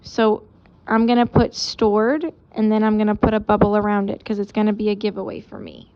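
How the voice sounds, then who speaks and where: A woman teacher giving a casual recorded lesson, explaining out loud while she sketches examples. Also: medium pitch, expressive, brisk, dull audio.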